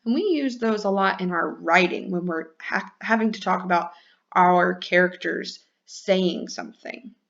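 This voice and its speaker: Woman teacher talking to little kids, slow and sing-songy, kinda dull lo-fi sound. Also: on the low side, fairly bright tone. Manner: slow, clear, sing-song teacher voice drawing out words. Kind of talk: classroom lesson for children.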